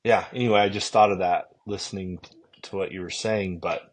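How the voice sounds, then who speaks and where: A man speaking gently and reflectively in casual conversation, often trailing off. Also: sits low, fairly even intonation, a little fast.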